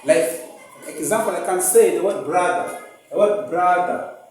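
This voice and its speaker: A man's voice: sits high, a little slow. A male teacher with an East African English accent giving a phonics lesson, repeating words and sounding out syllables patiently. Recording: echoey room, mic at a distance.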